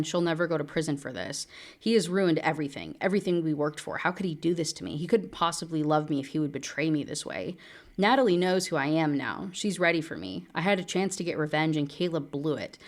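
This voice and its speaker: A woman reading the inner voice of a bitter, vengeful young woman from a thriller, quiet and brooding. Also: deep voice, a little fast, natural voice. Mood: resentful.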